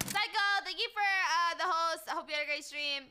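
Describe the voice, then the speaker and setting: High-voiced, foul-mouthed woman streamer. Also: a little fast, background noise. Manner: blunt and profane, thanks chat mid-game. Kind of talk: casual gaming stream chat.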